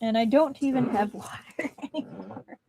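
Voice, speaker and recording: A woman's voice: a little high, moderate pace, vocal fry, warm tone, a little hiss or hum. Woman reading a novel on a live stream. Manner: chatty asides between narration.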